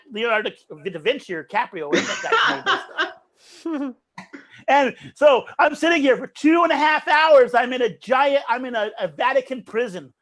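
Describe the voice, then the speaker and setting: High-voiced man telling a comic story. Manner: animated, acts out voices, laughs at own jokes. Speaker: comedian. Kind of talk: storytelling stand-up over a video stream. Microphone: video call.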